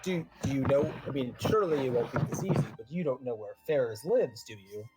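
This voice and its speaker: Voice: medium pitch, lively intonation, a little fast, loud music behind the voice. A player in a tabletop game, talking casually and joking with lots of "like" and restarts.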